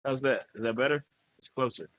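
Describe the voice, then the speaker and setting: A man co-hosting a live podcast over a poor USB mic, animated and laughing. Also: medium pitch, fairly quick, no echo, lo-fi sound. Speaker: podcast co-host. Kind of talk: casual live podcast banter. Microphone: USB mic, poor connection.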